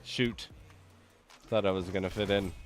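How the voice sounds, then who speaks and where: A man's voice: on the low side, steady tone, takes it slowly, faint music behind. A man hosting a game stream, chatting casually and joking, with lots of "like" in his speech. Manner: rambling, joking, heavy use of "like". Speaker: gaming stream host.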